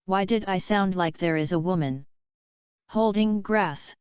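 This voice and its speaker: A woman's voice: mid-range voice, measured pace, a little mellow, smooth, no room sound, close to an everyday voice. A woman voicing a scheming middle-aged father from a wealthy family, pushy and eager, in a dull lo-fi recording.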